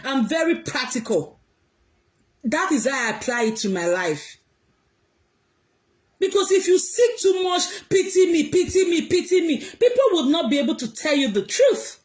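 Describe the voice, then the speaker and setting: A woman talking to her viewers in an emphatic, animated way, often raising her voice. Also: sits high. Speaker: vlogger. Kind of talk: casual commentary to viewers.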